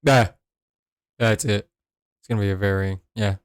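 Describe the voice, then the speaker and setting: A man co-hosting a podcast, upbeat and quick to agree in casual banter. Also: lowish voice, fairly even intonation, clean tone, dry recording, clean studio sound. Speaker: podcast co-host.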